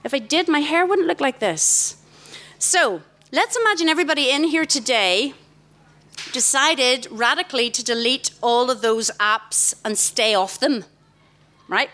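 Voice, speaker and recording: Woman talking to a youth crowd in a big tent, fairly high voice, keeps firing questions at them. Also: measured pace. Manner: animated, questions the crowd directly. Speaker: youth event speaker. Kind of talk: interactive talk to a young audience. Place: large festival tent, live audience.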